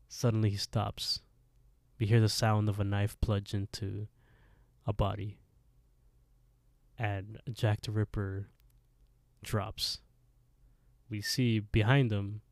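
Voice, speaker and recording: Podcast guy retelling a story, lowish voice, dry sound, laughs a lot. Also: slow, long pauses, no echo. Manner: animated retelling, laughs often. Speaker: podcast co-host. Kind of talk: casual story recap.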